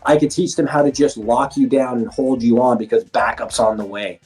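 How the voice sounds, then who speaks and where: Profane, animated man, mellow voice. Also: mid-range voice, moderate pace, soft background music. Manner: profane, animated storytelling with acted-out quotes. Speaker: former MMA fighter, police defensive tactics instructor. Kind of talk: casual interview chat.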